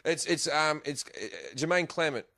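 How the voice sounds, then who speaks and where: A man's voice: fairly high pitch, normal speed, bright, forceful tone, no room sound, studio quality. An Australian man, a guest comedian, telling rambling stories in casual podcast chat, swearing and laughing often.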